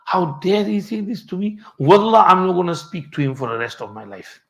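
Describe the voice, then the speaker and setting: A man's voice: high voice, a little fast, creaky, fairly bright tone. A man voicing a hurt, stern elderly aunt who refuses him with clipped, indignant lines.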